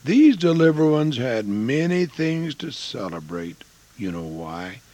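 An older man preaching a sermon, folksy, swinging between loud rises and hushed near-whispers. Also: mid-range voice, big pitch swings, slow, no echo.

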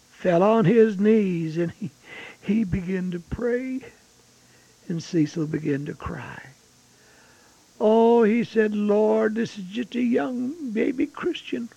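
An older man preaching a folksy sermon, reading scripture and telling stories, swinging from loud exclamations to hushed asides. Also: fairly high pitch, vocal fry, husky. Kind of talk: expository sermon. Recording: dull lo-fi sound.

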